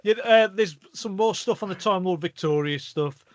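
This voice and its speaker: A man co-hosting a podcast over a video call, brisk and matter-of-fact. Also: high-pitched, no echo. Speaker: podcast co-host. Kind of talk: casual podcast chat. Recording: dull dry video-call audio.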